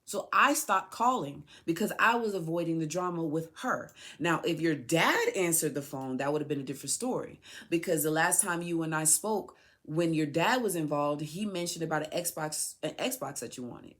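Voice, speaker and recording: A woman's voice: low voice, expressive, moderate pace, hardly any pauses, fairly bright tone. A woman speaking in an emotional personal monologue to her son, aggrieved and pleading, repeating herself for emphasis. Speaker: podcast host, mother addressing her son.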